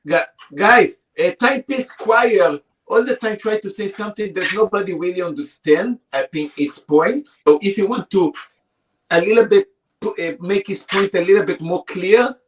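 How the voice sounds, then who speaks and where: A man speaking hesitantly with many fillers, halting as he moderates a call. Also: high voice, a little hiss or hum, poor audio.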